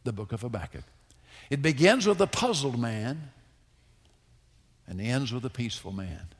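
A man preaching a sermon to his congregation, swinging between loud, fervent pleas and hushed, quiet lines. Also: medium pitch, big pitch swings, normal speed, slightly rough, long reverb tail. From United States. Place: church sanctuary.

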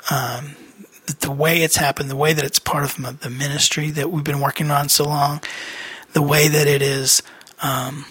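A man's voice: on the high side, little pitch movement, moderate pace, a bit bright, husky, no room sound. A man hosting a podcast, giving a casual personal update in a rambling way with many fillers and restarts. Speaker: podcast host.

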